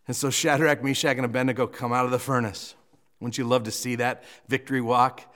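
A male pastor preaching a sermon, animated and joking as he retells a scripture story, with frequent restarts. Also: mid-range voice, brisk.

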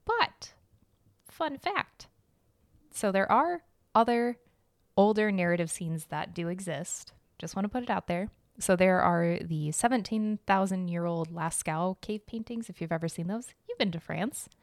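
A woman's voice: fairly low pitch, animated, a little slow, dry recording, clean studio sound. A young woman with a Midwestern American accent, hosting a casual art history podcast with a chatty, giggly, self-deprecating manner. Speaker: podcast host.

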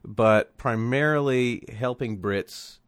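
A man's voice: mid-range voice, slow, smooth, dry recording. A man co-hosting a podcast in casual comedic chat, wry and joking, swearing freely. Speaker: podcast co-host.

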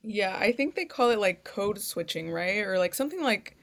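A woman's voice: mid-range voice, lively intonation, normal speed, a bit bright. A woman whose first language is Spanish, interviewing a guest with loose, hesitant questions full of "like". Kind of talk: casual interview.

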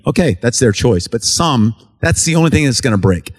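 An earnest American man tells a church congregation stories from his relief work, in a plain, conversational testimony style. His voice sits at a middle pitch for a man, and he slips into the voices of the people in his stories as he recounts their words. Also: expressive, a little fast, slightly rough. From United States. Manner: earnest, conversational, acts out dialogue while telling stories. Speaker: relief worker giving a mission report to a church. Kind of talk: storytelling testimony talk.

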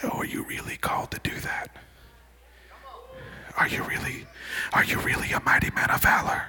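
A man's voice: normal speed, bright, forceful tone. A man voicing the devil as a sly, taunting male spirit, speaking in an unvoiced hissing whisper.

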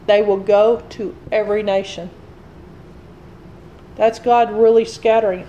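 A woman's voice: on the high side, warm tone, a little hiss or hum. A woman preaching a sermon, explaining scripture verse by verse.

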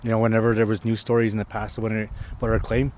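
A man's voice: on the low side, completely flat delivery, fast, darkish tone, slight background noise. A man who is a First Nation chief, telling a story in a casual interview outdoors, rambling with many restarts and tag questions. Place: outdoors on a hill.

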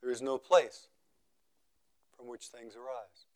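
Calm male meditation teacher, trailing off softly. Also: mid-range voice. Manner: slow, measured, repeating phrases for emphasis; voice often trailing off quietly at phrase ends. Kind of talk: contemplative dharma talk.

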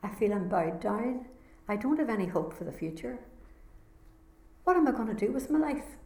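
With a Northern Irish accent, a woman shares an earnest, heartfelt personal testimony as a speaker at a conference. Her voice sits on the high side and swings widely in pitch, moving at a moderate pace with a darkish tone. The hall sounds echoey.

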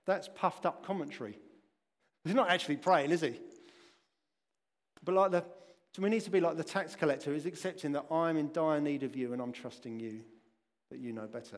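A middle-aged man preaching a sermon in a church, chatty and conversational, with asides to his listeners. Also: on the high side. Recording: long echoing hall reverb.

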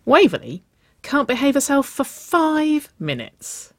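A woman's voice: fairly low pitch, normal speed, no room sound, clean studio sound. A woman doing a cheeky, confident young woman. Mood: teasing. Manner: teasing and relaxed.

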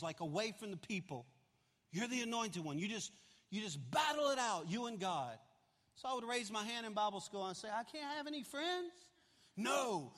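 A man in his fifties preaches to a large church congregation, telling a personal story with animated swings between loud outbursts and hushed, confessional moments. His voice sits high for a man, and a long hall reverb trails every phrase. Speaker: pastor. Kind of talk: storytelling sermon.

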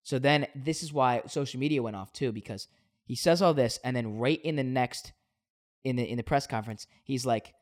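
A man co-hosting a sports podcast, telling a story in an animated casual way with frequent swearing. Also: mid-range voice, moderate pace. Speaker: podcast co-host.

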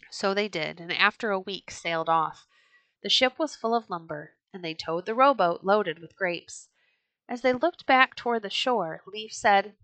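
Woman, storybook read-aloud, gentle, clear, bright voice, dry close sound. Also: medium pitch, lively intonation, normal speed, no room sound, poor audio. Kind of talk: reading a children's storybook aloud.

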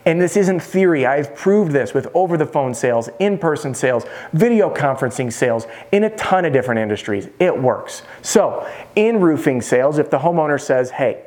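A man's voice: fairly high pitch, lively intonation, a little fast, darkish tone. A man coaching roofing salespeople in a casual, direct way, talking straight to the viewer. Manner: direct and conversational, addressing the viewer as "you". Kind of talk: casual instructional talk to camera.

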